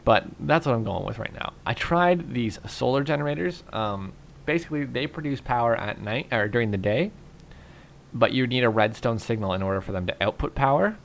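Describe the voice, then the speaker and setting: This gaming YouTuber, a young man, offers casual Minecraft commentary, relaxed and rambling, thinking aloud with lots of fillers while tired and yawning. His mid-range voice is fairly quick with vocal fry, plus a little hiss or hum.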